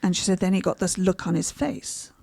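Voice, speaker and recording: A woman from Africa, a stand-up comedian, telling a cheeky story in casual podcast chat with deadpan asides. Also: lowish voice, brisk, creaky, breathy edge, no echo, clean studio sound.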